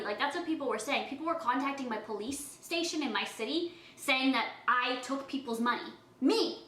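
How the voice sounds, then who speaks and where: A woman's voice: high voice, normal speed, few pauses, a bit bright, reverberant, rough recording. A young woman vlogger chatting casually while eating, talking in a defensive, emotional way. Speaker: beauty vlogger. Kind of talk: casual eating-show vlog talk.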